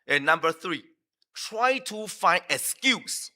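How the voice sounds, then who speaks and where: Bright-voiced man preaching with emphatic questions. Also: high voice, sing-song, slow. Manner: emphatic, rhetorical questions, frequent fillers and restarts. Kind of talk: sermon. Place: church.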